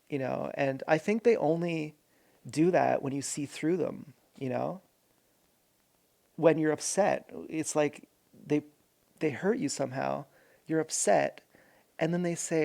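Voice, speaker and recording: Gravelly man rambling earnestly. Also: on the high side, fairly even intonation, moderate pace, darkish tone. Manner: rambling, self-correcting, earnest. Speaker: vlogger. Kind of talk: personal monologue to camera.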